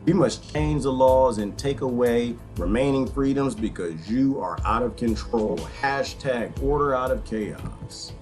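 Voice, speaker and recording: A man putting on a slow, grave voice of a solemn male mentor figure, reading ominously. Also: medium pitch, a little mellow, soft background music, natural voice.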